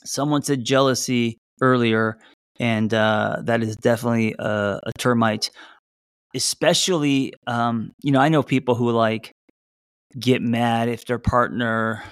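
A man's voice: mid-range voice, steady tone, measured pace, smooth, no echo. Chatty man giving relationship advice, dry sound. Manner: loose and conversational, many fillers and restarts, reading out audience replies. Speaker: podcast host. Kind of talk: casual relationship advice talk.

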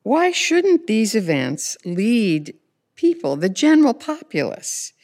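A woman's voice: fairly high pitch, big pitch swings, takes it slowly, darkish tone, in a large hall. A woman correspondent interviewing a guest, building long, pointed questions step by step. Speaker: legal affairs correspondent, interviewer.

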